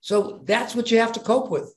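An older man talking as a podcast guest, emphatic and animated, repeating his words and acting out little exchanges. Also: very high voice, moderate pace.

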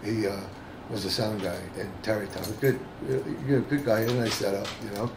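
Rambling New man in an echoey room. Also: on the low side. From the Bronx. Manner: rambling, halting, many fillers and restarts. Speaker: bassist and singer. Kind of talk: casual oral-history interview. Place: room with other band members. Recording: roomy echo with clear background noise.

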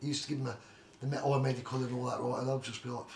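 Here the same kind of guest, a middle-aged former journeyman boxer, tells stories in a relaxed interview, wandering off track and repeating "like I say" and "do you know what I mean." He talks rapid-fire in a level, medium-pitched voice with a darkish tone, over faint background noise and a roomy echo.

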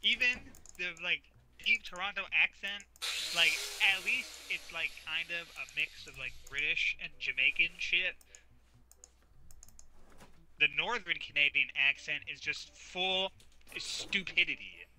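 A man's voice: on the high side, lively intonation, measured pace, bright, forceful tone, rough recording. A young man in casual, profane banter with a friend while gaming, ranting and joking. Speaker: gamer.

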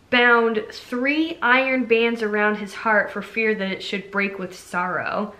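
A woman's voice: mid-range voice, bright, forceful tone. A young adult woman retelling a fairy tale for a movie review vlog, chatty and full of fillers. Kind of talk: casual storytelling review.

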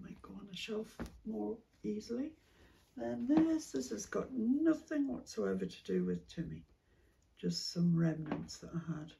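A woman chatting casually as she sorts fabric for a craft vlog, musing aloud and dropping into soft whispered asides, with a cough now and then. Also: mid-range voice, lively intonation, unhurried, vocal fry, distant mic, noisy background. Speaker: craft vlogger. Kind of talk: casual chat while sorting fabric.

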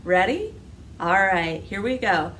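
Brief: young female librarian, cheerful sing-song storytime voice, slow and high, distant mic. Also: expressive, fairly bright tone. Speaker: children's librarian. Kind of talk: children's storytime with a hello song. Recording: distant mic with background noise.

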